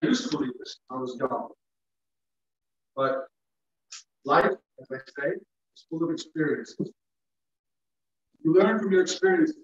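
A male teacher giving a classroom lecture to students, animated and playful, acting out examples as he goes. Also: a little high, a little slow, long pauses. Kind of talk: classroom lecture on public speaking. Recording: echoey classroom from far off, dull.

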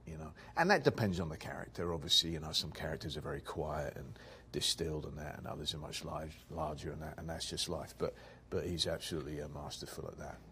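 A man's voice: extremely low pitch, fairly bright tone, slight background noise. A man, chatting playfully as an actor guest in an interview and often repeating words as he starts a thought. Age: 40s. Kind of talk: casual interview chat.

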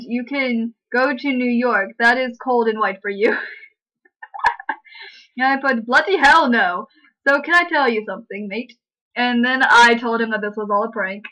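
A woman's voice: a little high, pushed and bright, lo-fi sound. A young woman on a video channel casually recounting an online prank, reading out chat messages with frequent giggles.

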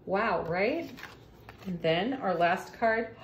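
A woman's voice: mid-range voice, expressive, slight background noise. A woman reading tarot cards in a casual, gushing way, laughing often. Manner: slow, warm-hearted, laughs often, gushing about the cards. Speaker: tarot reader. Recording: echoey room.

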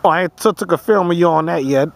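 A woman's voice: on the low side, quick pace, gravelly. A woman vlogging outdoors on a handheld camera in casual chat, stammering and repeating words, groaning and laughing at herself as she strains at exercise equipment. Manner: self-mocking, groaning and calling for help while straining.

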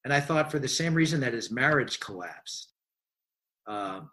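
A man's voice: mid-range voice, lively intonation, moderate pace, pushed and bright. A man, a science writer, answering interview questions in a thoughtful, rambling way with frequent restarts.

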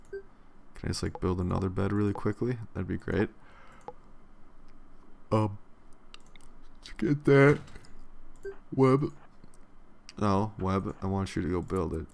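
A man's voice: deep voice, creaky, slight background noise. A young man giving casual, rambling gameplay commentary, swearing freely and yawning often. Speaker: let's play commentator.

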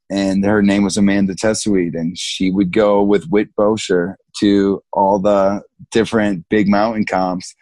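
A man in his thirties, a big mountain skier guest, telling stories in a relaxed, slangy way, laughing often and acting out what people said. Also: lowish voice, dry recording. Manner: laid-back, slangy, laughs often, acts out quotes. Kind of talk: casual storytelling interview.

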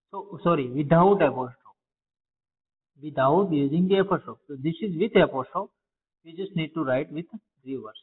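A man's voice: fairly high pitch, slightly rough. Indian english guy teaching, goes over answers, repeats himself, sounds like on a phone in a big echoey room. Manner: repetitive, asks and answers own questions. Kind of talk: explaining test answers to pupils. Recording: phone-like, long reverb.

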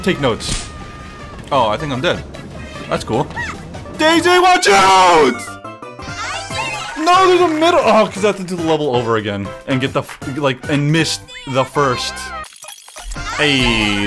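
A man giving excitable, joking let's-play commentary, swearing often and talking to the game as he plays. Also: fairly high pitch. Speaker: gaming streamer. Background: game music.

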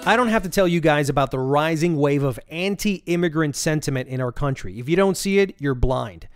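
A man's voice: fairly high pitch, expressive, fairly quick, smooth, no echo, clean studio sound, faint music behind. A man hosting a podcast, presenting segments in an earnest, opinionated way. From United States. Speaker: podcast host. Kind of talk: scripted show hosting.

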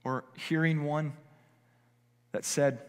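A man's voice: a little high, fairly even intonation, takes it slowly, smooth, in a large hall. A male pastor preaching a conversational sermon, acting out what people might say. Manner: conversational preaching, acts out quoted voices. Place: church sanctuary.

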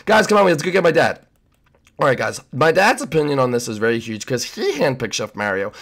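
A man's voice: medium pitch, very animated, fast talker, a bit bright. A man voicing a bossy, whiny young male turtle prince in a Minecraft roleplay.

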